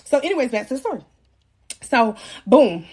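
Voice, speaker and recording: A young woman in her twenties hosting a livestream, telling a story casually in animated, slangy talk and joking with her viewers. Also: sits high, moderate pace, slightly rough. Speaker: live-stream host.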